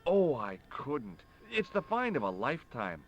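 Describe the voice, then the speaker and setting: A man's voice: medium pitch, huge pitch swings, unhurried, muffled recording, a little hiss or hum. An actor playing a curious, polite adult male adventurer in video game dialogue.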